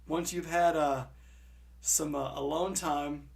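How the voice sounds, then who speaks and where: A man's voice: a little high, fairly even intonation, slow, vocal fry. A man joining a podcast as a guest in casual conversation, agreeable and reflective. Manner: agreeable, short affirmations.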